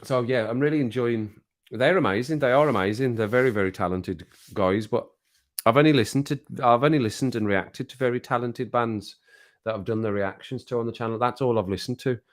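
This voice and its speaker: A man with a Black Country accent chats loosely on a livestream at an ordinary middle pitch. He rambles from one thought to the next and laughs often as he greets his viewers. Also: a little fast. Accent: Black Country English. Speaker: livestream host. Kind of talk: casual livestream chat.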